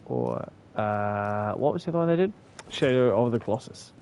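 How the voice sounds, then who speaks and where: A man's voice: mid-range voice, expressive, normal speed, vocal fry, darkish tone, a little hiss or hum. A man from New with a slight lisp, mumbling and laughing through casual, profane commentary as he streams a game. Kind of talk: casual live gameplay commentary.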